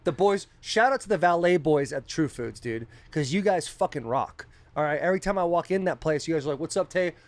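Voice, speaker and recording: A man co-hosting a podcast, telling a story in casual, animated chat and swearing freely. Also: a little high, brisk, slight background noise. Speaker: podcast co-host.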